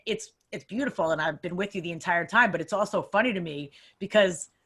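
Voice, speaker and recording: A woman's voice: lowish voice, a little fast, husky. A young woman hosting a casual podcast chat, telling stories with lots of laughter. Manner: laughs often, animated storytelling. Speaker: podcast host.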